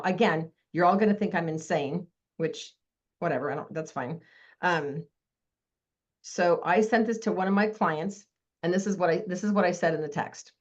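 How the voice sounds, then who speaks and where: A woman giving a live online sales training, talking fast with a lot of energy over a video call. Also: lowish voice, muffled recording.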